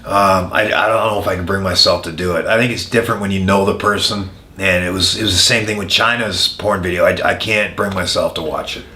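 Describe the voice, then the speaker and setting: Male interview guest, lowish bright voice, frank storyteller, echoey room. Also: slight background noise. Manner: frank, many "uh" pauses, animated when telling anecdotes. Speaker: former wrestler, interview guest.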